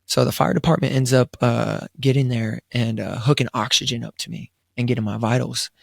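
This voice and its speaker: Gravelly young man telling a story. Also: mid-range voice, steady tone, fairly quick, dry recording, clean studio sound. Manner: laid-back storytelling, quoting himself, frequent fillers and restarts. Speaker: podcast co-host. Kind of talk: casual storytelling chat. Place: studio around a table.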